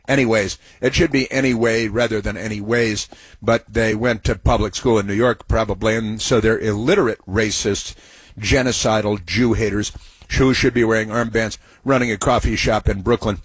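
A man's voice: mid-range voice, normal speed, slightly rough, no room sound. A man hosting political talk radio, rambling and sarcastic, with many filler sounds. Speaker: talk show host.

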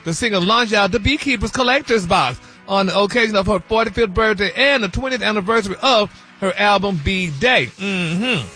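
A man's voice: high voice, normal speed, pushed and bright, soft background music. A man hosting celebrity news on a radio morning show, sassy and flamboyant, calling everyone honey and baby, and singing bits of his lines.

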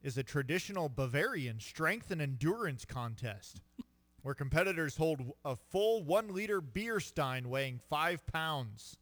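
A man's voice: fairly high pitch, big pitch swings, unhurried, a bit bright, no room sound. A man co-hosting a sports talk radio show, reading out odd trivia and trying German phrases. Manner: reads trivia aloud, mock German phrases. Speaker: radio co-host. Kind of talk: casual sports radio chat.

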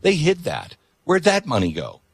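A man's voice: on the high side, wildly swooping pitch, moderate pace, gravelly, breathy edge, dry recording. A man hosting a talk show, delivering an opinionated, emphatic monologue that repeats words for punch.

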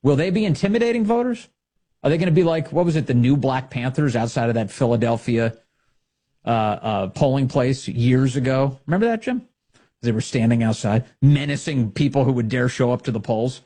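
A man's voice: mid-range voice, expressive, fairly quick, a little mellow, slightly rough. A man hosting a political talk show, delivering a sarcastic monologue full of mocking rhetorical questions. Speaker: political commentary host.

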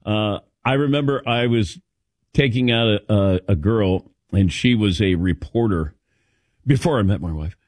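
A middle-aged man from the Midwest hosting a sports radio show, telling stories with animated, laughing delivery. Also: lowish voice, a little slow, no echo. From American Midwest. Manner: lively storytelling with laughs. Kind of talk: casual sports radio banter.

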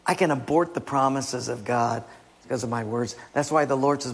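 A man's voice: mid-range voice, normal speed, husky. A man preaching a sermon emphatically, often dropping to a near-whisper, in a church hall. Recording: long hall reverb.

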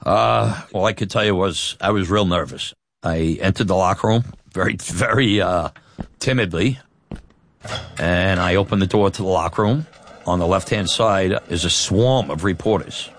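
A man telling a personal story, animated and self-deprecating, laughing as he goes. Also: sits low, normal speed, slight background noise. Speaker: storyteller recounting his youth.

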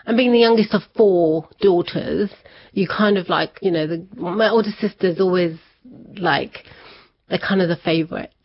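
Woman guest, lowish voice, lively storytelling, slightly muffled lo-fi sound. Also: moderate pace. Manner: animated, laughs often, acts out family members' words. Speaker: interview guest. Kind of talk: personal storytelling in an interview.

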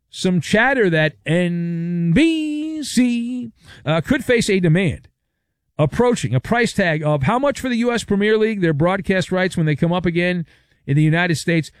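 A man's voice: a little high, lively intonation, moderate pace, no echo, clean studio sound. A man hosting a sports talk radio show, delivering a sarcastic, wisecracking monologue.

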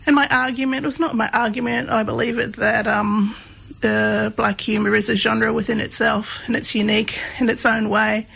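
A woman with a gravelly voice, telling her story candidly with self-mocking humour as an interview guest. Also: on the high side, little pitch movement, normal speed, fairly bright tone, poor audio. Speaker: guest, doctoral researcher. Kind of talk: casual storytelling.

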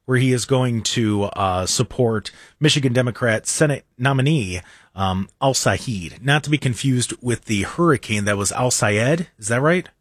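A young American man hosts a talk radio show, rambling and sarcastic and tossing in mocking asides during a casual, opinionated monologue. His voice is mid-range at a moderate pace, recorded dry and clean on a studio microphone.

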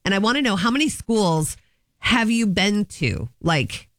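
A woman's voice: mid-range voice, lively intonation, a little slow, no room sound, studio quality. A woman co-hosting a radio show, chatty and playful. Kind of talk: casual radio banter.

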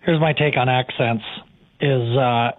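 A man's voice: mid-range voice, steady tone, unhurried, dry recording. A man calling in to a radio show, making his point in a plain, matter-of-fact way. His voice sits in the middle range. It comes through a tinny phone line. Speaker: caller. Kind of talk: call-in radio chat.

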